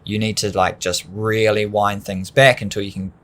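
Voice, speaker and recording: A man co-hosting a training podcast, explaining ideas in long, animated, rambling runs with bursts of laughter. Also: on the low side, moderate pace. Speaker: podcast co-host. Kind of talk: casual coaching chat.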